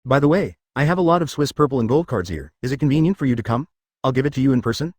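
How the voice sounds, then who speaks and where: A man's voice: mid-range voice, lively intonation, a little mellow, dry recording, natural voice. A man doing a brash, bossy playboy inventor. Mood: eager. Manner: rude, bossy, hurried.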